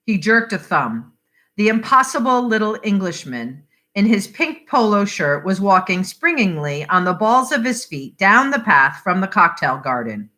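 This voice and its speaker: A woman reading a short story aloud for adult listeners, unhurried and expressive. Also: mid-range voice. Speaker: reader.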